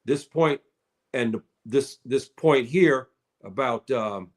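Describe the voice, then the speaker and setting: A man's voice: medium pitch, slow. A man giving casual spoken commentary, addressing listeners as brother and sister and often repeating his words.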